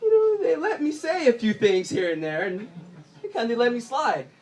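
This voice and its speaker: A young man doing stand-up, telling stories in an animated way and often laughing through his lines. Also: very high voice, moderate pace, poor audio. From Southern California. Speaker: stand-up comedian. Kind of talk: stand-up storytelling.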